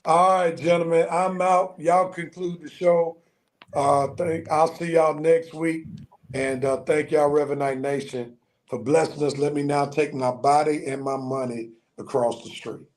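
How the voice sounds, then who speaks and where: A man co-hosting a casual sports talk show, relaxed and reading listener picks. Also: fairly high pitch, a little slow. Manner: relaxed, signing off. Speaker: co-host.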